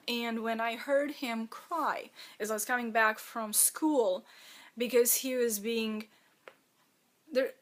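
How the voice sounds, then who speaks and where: A woman who is the author of her own memoir, speaking in a personal, reflective monologue, halting and emotional as she fights back tears. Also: on the high side, fairly even intonation.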